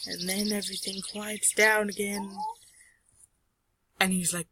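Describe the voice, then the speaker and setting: A young woman sarcastically narrating her old home-made animation, playful, often dropping to quiet mumbles and whispers. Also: medium pitch, steady tone, unhurried, a little hiss or hum, low-quality recording.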